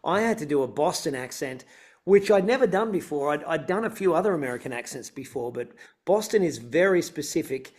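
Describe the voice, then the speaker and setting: An Australian man with a slightly raised pitch talks in an easygoing, chatty way. He is a guest in a casual interview, answering at length and sometimes laughing lightly. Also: animated, fairly quick, darkish tone.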